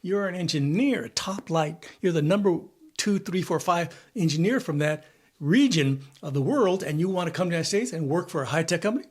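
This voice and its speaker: Animated and a little quick, this man in his seventies speaks on the high side as he vlogs his opinions. He circles back on himself, runs through lists, and keeps questioning himself aloud in a loose, repetitive way.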